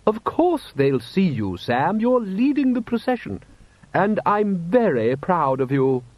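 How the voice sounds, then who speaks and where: A man doing a high, fussing aristocratic wife. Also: big pitch swings, a little slow, no room sound, exaggerated voice. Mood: fondly scolding. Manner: coaxing, gently scolding. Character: fussy, proud aristocratic wife. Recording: dull, slightly lo-fi.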